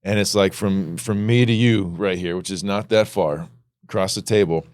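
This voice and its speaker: A middle-aged man co-hosting a casual faith podcast, telling stories in a loose, animated way. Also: deep voice, normal speed, no echo, clean studio sound. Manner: storytelling, animated when retelling. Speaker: podcast co-host.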